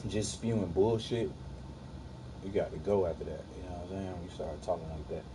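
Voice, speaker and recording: A man's voice: low voice, fairly even intonation, fairly quick, background noise. A young man casually livestreaming, arguing with his chat in a profane, dismissive way.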